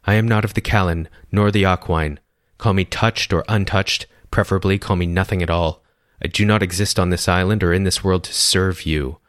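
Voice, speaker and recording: A steady, aloof ancient woman, as a man reads her. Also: low-pitched, normal speed, no room sound, clean studio sound. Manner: steady, strong, composed. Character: calm, aloof woman of great age with strange power.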